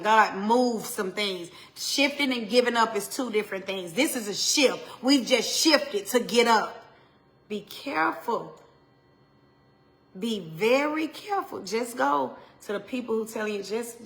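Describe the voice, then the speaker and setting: A woman in her forties, a minister, preaching a motivational message to her viewers, emphatic and repetitive, swinging between loud urging and soft asides. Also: mid-range voice. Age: 40s.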